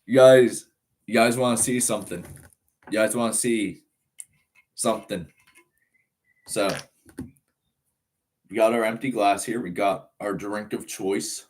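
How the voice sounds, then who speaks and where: A man's voice: lowish voice, fairly even intonation, measured pace, long pauses, darkish tone, a little hiss or hum. A nineteen-year-old man from Ireland with an American-sounding accent, chatting casually on a live stream, reading chat aloud and rambling with lots of fillers. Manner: laid-back, rambling, reads chat aloud, frequent laughs and fillers.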